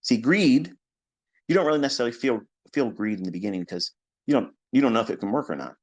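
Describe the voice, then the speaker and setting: A man as a trading mentor, lecturing his followers in a live audio room in a blunt, profane way, dropping low and quiet, then rising loud and high. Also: lively intonation, quick pace.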